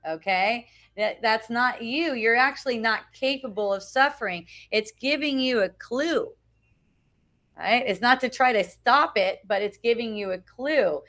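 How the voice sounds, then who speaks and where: Outdoors at a beach, a middle-aged woman gives an informal spiritual talk to a small group, recorded on a phone live video. Her fairly high, fairly bright voice keeps a measured pace as she talks conversationally, often asks "right?", restarts sentences and swears casually.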